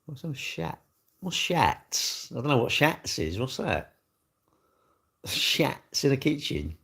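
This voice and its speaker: A man's voice: medium pitch, sing-song, takes it slowly, creaky, fairly bright tone, breathy edge. An older man, hosting a casual livestream and chatting bluntly and jokily as he answers viewers' comments. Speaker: livestream host. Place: indoors, seated.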